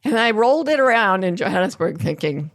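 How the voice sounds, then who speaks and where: Brisk and very animated, this older woman's mid-range voice carries a lively podcast story, punctuated by laughter and impressions of what others said, all in easy chat.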